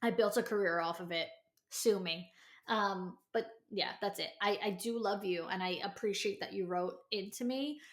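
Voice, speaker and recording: A woman's voice: medium pitch, moderate pace, reverberant. Blunt tough-love woman podcaster. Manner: blunt tough-love delivery, emphatic repetition. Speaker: podcast host giving advice. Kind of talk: solo advice podcast.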